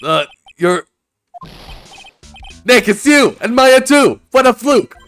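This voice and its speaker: Brief: a man playing a nosy, overexcited young goofball in a game, pitched up and loud. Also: a little slow, creaky, faint music behind, heavily acted. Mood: overjoyed. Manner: excitable, loud, brash.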